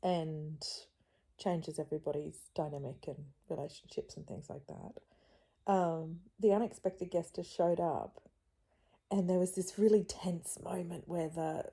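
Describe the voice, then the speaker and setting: Woman in her 30s vlogging, low voice with a bit of fry, chatty and rambly. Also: dark tone. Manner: chatty and rambling, with frequent little laughs. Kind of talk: casual vlog chat.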